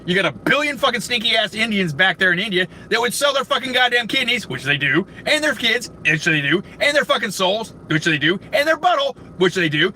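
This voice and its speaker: A man's voice: high-pitched, big pitch swings, brisk, hardly any pauses, sharp tone, slight background noise. A man hosting a livestream, ranting crudely and angrily in a rambling way full of fillers and restarts. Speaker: livestream host. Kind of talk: profane ranting monologue.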